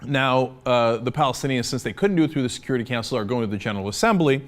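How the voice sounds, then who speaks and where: A man's voice: medium pitch, fast talker. An American man giving an opinion commentary, indignant and sarcastic, with many filler words. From United States. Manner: indignant and sarcastic, mocks opponents in put-on voices. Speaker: political commentator.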